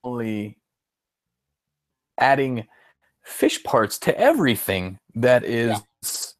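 A man's voice: mid-range voice, very animated, drawn-out words, no echo. A man co-hosting a podcast in casual chat, rambling, restarting his sentences and chuckling often. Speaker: podcast co-host.

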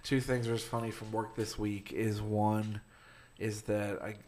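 A man's voice: fairly low pitch, flat delivery, measured pace, darkish tone, a little hiss or hum. A man co-hosting a casual podcast chat, telling a work story about phone calls and laughing as he acts out the callers. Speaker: podcast co-host; phone support worker.

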